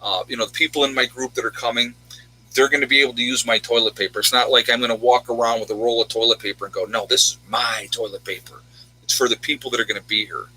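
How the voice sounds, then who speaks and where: A man's voice: medium pitch, fairly even intonation, rapid-fire, bright, forceful tone, poor audio. A man hosting a casual livestream, chatting with viewers and rambling through their home towns. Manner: rambling, reads out viewers' locations. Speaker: livestream host.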